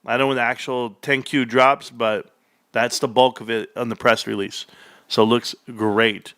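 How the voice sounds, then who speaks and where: A male livestream host reacting excitedly to an earnings report, reading figures aloud and bursting into shouts. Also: mid-range voice, moderate pace, dry recording, studio quality. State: out of breath.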